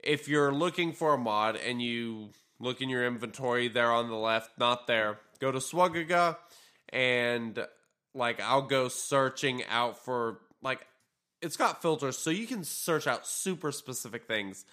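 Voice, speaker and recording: A man's voice: medium pitch, unhurried. A man co-hosting a gaming podcast, talking casually and loosely with lots of fillers and some tired yawns. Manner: relaxed, rambling, frequent fillers. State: tired, yawning. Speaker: podcast co-host.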